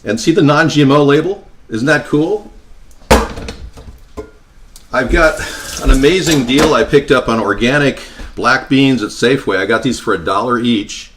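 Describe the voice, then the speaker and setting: A man in his home kitchen talks through a budget recipe in a chatty, easygoing way, slipping in dry, deadpan jokes. His voice sits at an ordinary middle pitch. Pots, pans and dishes clatter clearly around him. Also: normal speed, noisy background. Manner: chatty, with deadpan joking asides. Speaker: home cooking vlogger. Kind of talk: casual cooking demonstration.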